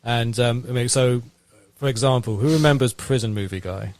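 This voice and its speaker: A man's voice: mid-range voice, normal speed, dry recording. A man hosting a casual podcast chat, telling anecdotes with many fillers. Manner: storytelling, lots of fillers. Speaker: podcast host.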